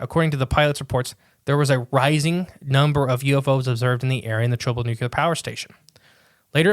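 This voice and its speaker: A man co-hosting a casual podcast, chatting in a rambling way and reading quotes aloud haltingly. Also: mid-range voice, no room sound, clean studio sound. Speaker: podcast co-host.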